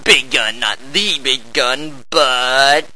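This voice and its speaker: Man, high gravelly voice, hammy gameplay narration, wide swooping pitch, over-the-top bravado. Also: big pitch swings, slow, pushed and bright, rough recording. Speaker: game player.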